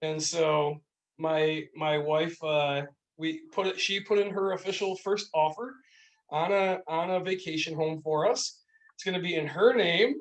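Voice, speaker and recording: A man's slightly high voice, a little slow, comes through poor audio recorded from a distance. He's a co-host on a casual beer podcast in a small room, telling animated, rambling stories with lots of fillers.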